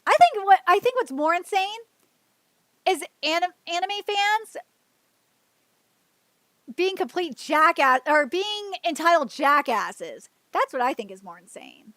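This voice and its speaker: A woman's voice: extremely high pitch, big pitch swings, a little slow, long pauses, sharp tone, dry recording. A woman hosting a livestream, ranting heatedly and profanely, rambling with restarts and fillers. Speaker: livestream host. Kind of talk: livestream commentary rant.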